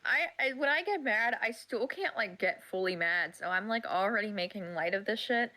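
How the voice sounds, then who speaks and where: Woman, bright sharp voice, candid, profane, chatty co-host. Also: medium pitch, animated, moderate pace, poor audio. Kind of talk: casual reaction-stream chat.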